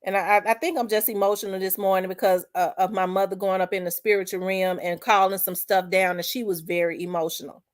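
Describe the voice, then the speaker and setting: A woman's voice: mid-range voice, steady tone, fast, hardly any pauses. A woman hosting her own channel, talking in an emotional, preaching style. She repeats her lines for emphasis, quotes scripture and uses casual, colloquial speech. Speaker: channel host.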